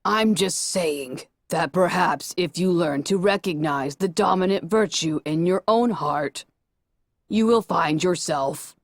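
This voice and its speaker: Woman voicing a low, calm voice from a robot orb. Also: slow, dry recording. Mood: lecturing. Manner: calm, lecturing, slightly hesitant. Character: disembodied voice speaking through a flying robot orb.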